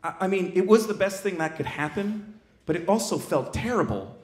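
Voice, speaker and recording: A man doing stand-up comedy, telling a story in a brash, animated, self-mocking way. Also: sits high, normal speed, echoey room.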